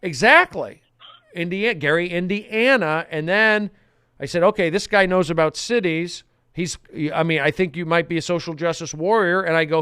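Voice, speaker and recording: A man with a high, smooth voice hosts a comedic podcast from a studio. He talks in intense, repetitive bursts that swing between low mutters and loud outbursts. The sound is dry and close. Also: moderate pace, no room sound. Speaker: podcast host.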